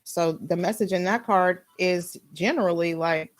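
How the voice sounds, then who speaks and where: A young adult woman giving a casual spiritual tarot reading, blunt and animated, swearing freely as she talks. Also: on the low side, moderate pace, hardly any pauses, rough recording. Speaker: tarot reader.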